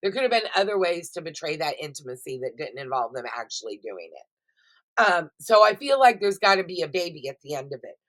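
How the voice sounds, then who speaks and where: A woman's voice: low-pitched, brisk. A middle-aged woman vlogger, chatting casually and expressively to her viewers about what she has been watching, swearing freely as she goes. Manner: chatty, expressive and profane, addresses viewers directly. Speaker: vlogger reviewing TV shows. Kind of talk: casual chatty recap vlog.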